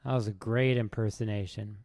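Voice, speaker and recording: A man streaming, rambling in a deadpan, sarcastic way with halting restarts. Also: on the low side, dry recording, clean studio sound. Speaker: chess streamer. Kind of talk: casual rambling monologue.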